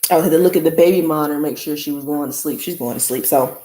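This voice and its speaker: A podcast host with a deep voice talks fast, and the sound is roomy. She tells her listeners a story in a blunt, casual monologue, animated throughout and calling them "y'all."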